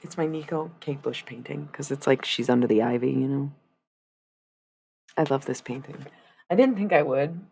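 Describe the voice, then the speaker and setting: A woman's voice: a bass voice, moderate pace, vocal fry, pauses often, dark tone, slightly rough. A woman chatting casually on a live stream as she paints, rambling and swearing freely in asides to her viewers.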